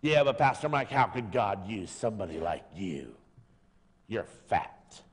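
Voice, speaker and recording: A man's voice: fairly low pitch, sing-song, a little slow, slightly rough, voice pushed down, heavily acted. A pastor putting on the mocking voice of a nagging male critic who belittles him, heard in a long-echoing hall.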